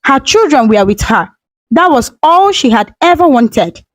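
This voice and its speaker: Lady reading a sad folktale, soft and emotional, lots of pitch movement. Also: very animated, unhurried, no echo, poor audio. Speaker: storyteller. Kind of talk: scripted narration.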